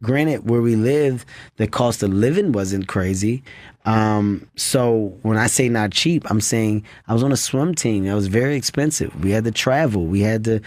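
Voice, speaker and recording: A man's voice: fairly low pitch, normal speed, darkish tone, no echo. A man in his thirties, a guest comedian, telling earnest stories in a casual studio interview. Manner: earnest storytelling. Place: radio studio. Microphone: studio mic.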